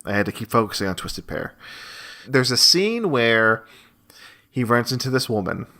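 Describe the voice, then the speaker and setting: A man's voice: medium pitch, moderate pace. A man co-hosting a casual film podcast, telling stories with lots of laughter. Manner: animated, laughing storyteller. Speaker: podcast co-host.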